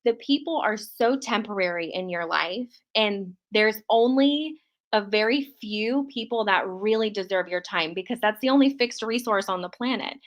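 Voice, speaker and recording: A woman's voice: medium pitch, a bit bright. A woman author who is a guest on a podcast, speaking upbeat and emphatic, laughing often as she gives advice. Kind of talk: casual interview chat.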